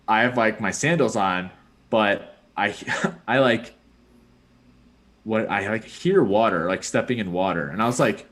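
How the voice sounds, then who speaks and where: A man's voice: lowish voice, measured pace, fairly bright tone. A young man, a podcast host, telling a long rambling story in casual chat, full of "like" and "dude".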